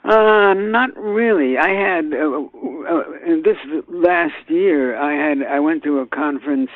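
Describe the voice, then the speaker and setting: An older man, a guest actor, talking in a phone interview, halting with many fillers and restarts. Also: a little high, dry recording. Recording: tinny phone line.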